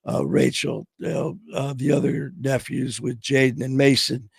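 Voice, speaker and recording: Middle-aged guy hosting his stream, voice getting hoarse, loose and heartfelt, lots of "man" and "you know", mid-pitched. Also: steady tone, moderate pace, dry recording. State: voice going hoarse. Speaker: podcast host. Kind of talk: casual live-stream chat.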